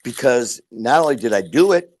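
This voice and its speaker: A man's voice: medium pitch, expressive, normal speed, darkish tone, no echo. A middle-aged man from Detroit, a podcast guest telling his story with blunt, emphatic, profane candor. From Detroit, USA. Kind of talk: candid podcast conversation.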